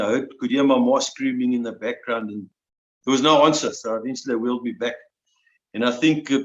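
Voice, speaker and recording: A man in his sixties, a veteran guest telling his story in an emotional, halting way, often restarting and repeating words. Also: mid-range voice, a bit bright. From South Africa. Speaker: interview guest, army veteran. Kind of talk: personal storytelling. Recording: roomy, dull lo-fi sound.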